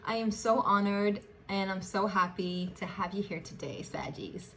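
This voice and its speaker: Woman, tarot reader, warm chatty delivery, affectionate, faint hiss behind. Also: medium pitch, steady tone, moderate pace. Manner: chatty, affectionate, laughs often, restarts phrases. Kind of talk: casual tarot reading to camera.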